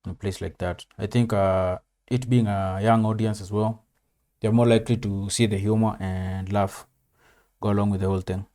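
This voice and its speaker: A man's voice: fairly low pitch, fairly even intonation, moderate pace, warm tone. A man casually commenting on a video, laid-back, swearing and saying "man" often. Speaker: reaction video host.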